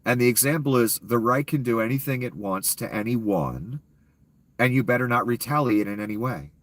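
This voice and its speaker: A man's voice: medium pitch, expressive, moderate pace, no echo. A man with a cold ranting sarcastically and profanely as a YouTube commentator, in a casual off-the-cuff style. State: ill, coughing.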